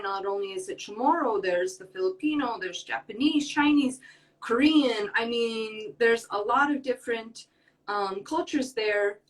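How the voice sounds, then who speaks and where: A woman in her twenties from the United States, a podcast guest talking earnestly and rambling a little, with many fillers. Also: fairly high pitch. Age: 20s. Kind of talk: casual interview talk. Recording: voice from far off the mic.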